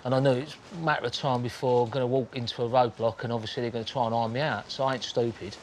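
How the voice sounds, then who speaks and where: A man's voice: mid-range voice, steady tone, slight background noise. Blunt swearing man telling a story. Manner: blunt, swearing, acts out scenes with quick quoted voices. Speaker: interviewee recounting his crimes. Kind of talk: casual storytelling.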